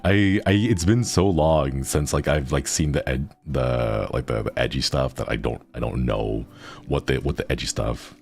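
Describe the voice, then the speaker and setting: A man's voice: very deep voice, moderate pace, vocal fry, darkish tone. A man streaming casual chat with viewers, playful and rambling, often laughing.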